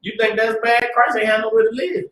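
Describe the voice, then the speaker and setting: A man teaching a religious class in an informal, streetwise preaching style, often asking "you understand?" and swinging between low, muttered asides and loud bursts. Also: brisk, recorded from a distance. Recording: roomy sound, speaker away from the mic.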